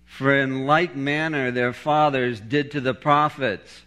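A man's voice: medium pitch, unhurried, hardly any pauses, bright, forceful tone. A middle-aged man preaching a sermon, telling a story with humor and laughing at his own jokes.

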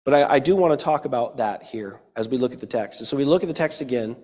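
A man's voice: mid-range voice, expressive, quick pace, darkish tone, in a large hall. Conversational pastor in his forties. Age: 40s. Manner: conversational, jokey asides to the congregation. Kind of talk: sermon.

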